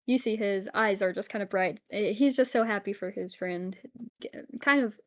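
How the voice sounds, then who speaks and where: A woman narrating as game master of a tabletop game, in a relaxed way with frequent fillers. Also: mid-range voice, moderate pace.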